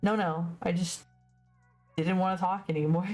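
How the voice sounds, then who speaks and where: A woman's voice: lowish voice, steady tone, normal speed, darkish tone. A young woman streaming as she paints, chatting in a rambling way and often stumbling over her words. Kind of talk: casual livestream chat while painting. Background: faint music.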